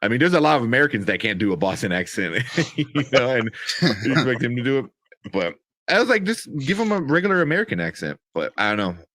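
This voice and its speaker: A man co-hosting a casual movie review show, animated and profane, laughing often. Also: mid-range voice, fast talker, dry recording. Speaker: podcast co-host.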